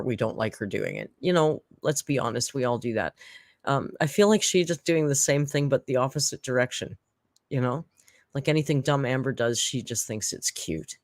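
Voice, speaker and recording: A live-stream reaction host talks to chat in a chatty, sarcastic way, mid-pitched and recorded dry with no room sound. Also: dry recording.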